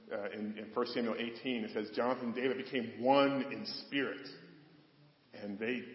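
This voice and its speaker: A man's voice: medium pitch, roomy sound, in a large hall, dull audio. A man giving a folksy sermon, joking with his congregation as he talks. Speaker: preacher.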